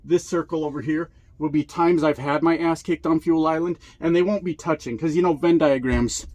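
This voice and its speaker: A man's voice: on the high side, fairly even intonation, normal speed, darkish tone, no room sound. A man and truck driver vlogging, ranting in a profane, sarcastic, rambling comedic way, a little short of breath. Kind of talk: comedic rant to camera.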